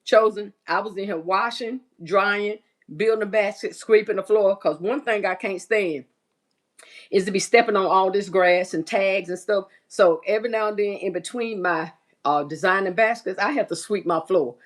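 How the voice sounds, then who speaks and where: A woman's voice: medium pitch, normal speed. A middle-aged woman hosting a casual livestream, reading out viewer comments and chatting as she cleans and builds baskets. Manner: chatty, reads viewer comments aloud, folksy Southern US speech. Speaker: livestream host.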